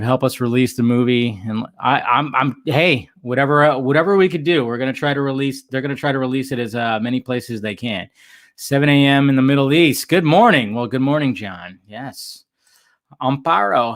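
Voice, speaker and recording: A man's voice: mid-range voice, normal speed. Male livestream host, casual, upbeat, chatty, mid-range voice. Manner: upbeat, greets chat viewers by name.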